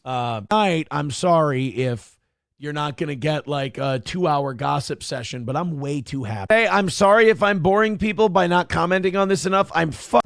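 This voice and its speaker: A man's voice: on the high side, moderate pace, vocal fry, fairly bright tone, dry recording, clean studio sound. A man hosting a casual livestream, rambling and repeating hedged apologies to his chat. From Minnesota. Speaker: livestream host.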